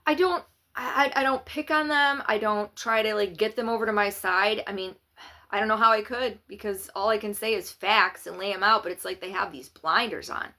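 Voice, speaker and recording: A woman's voice: mid-range voice, a little fast, bright, forceful tone. A woman giving opinionated, sarcastic political commentary in a casual vlog. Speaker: political vlogger.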